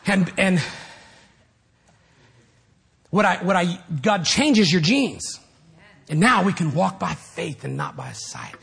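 Husky high-voiced preacher man. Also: unhurried. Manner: animated preaching, rising to shouts. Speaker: pastor. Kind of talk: sermon.

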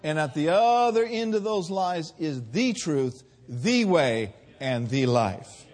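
A man preaching a sermon in a church, with call-and-response and drawn-out emphasis. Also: a little high, expressive, a little mellow.

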